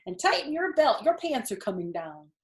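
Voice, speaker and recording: A woman's voice: a little high, expressive, a little slow, pitched above the performer's own voice. A woman reading a story aloud and voicing a nervous, fussy farm wife who frets and scolds. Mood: scolding. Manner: fretful, scolding. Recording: roomy echo.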